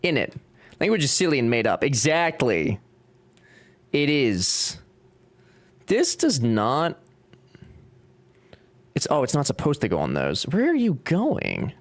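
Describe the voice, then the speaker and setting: A man's voice: mid-range voice, huge pitch swings, slow, long pauses. A young man with a Cajun accent, chatting casually and joking with his live chat while he builds. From Louisiana. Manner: joking, reading chat aloud. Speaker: streamer.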